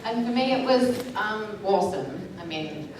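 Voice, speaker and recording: A woman's voice: mid-range voice, animated, measured pace. A woman in her thirties, an actress on a convention panel, chatting in a laughing, self-deprecating way. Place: large convention hall. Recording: echoey hall, distant mic, crowd behind.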